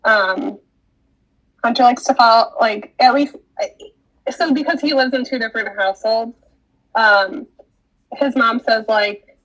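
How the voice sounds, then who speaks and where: A woman in her thirties co-hosting a casual podcast chat, sharing stories about her sons with expressive quotes. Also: on the high side, rough recording. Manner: quick agreeing interjections, expressive when quoting her son. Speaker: podcast co-host.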